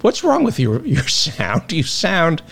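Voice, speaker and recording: Male podcast host, playful teasing banter, pitch swinging wildly. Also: wildly swooping pitch, slow, vocal fry, fairly bright tone, breathy edge. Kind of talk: casual interview chat.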